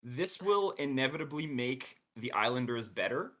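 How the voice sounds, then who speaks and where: Measured man steering a podcast chat. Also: mid-range voice, animated, a bit bright. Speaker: podcast co-host. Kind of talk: casual chat.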